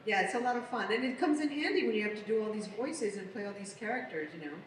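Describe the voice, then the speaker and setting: An American woman speaks as a panel guest in a middle-pitched voice, chatty and lively as she tells her stories. The sound is picked up from a distance in a big reverberant convention hall. A faint hum of room noise sits underneath. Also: fast. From United States. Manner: chatty, animated storyteller. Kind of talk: casual panel Q&A. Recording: echoey hall recorded from far off.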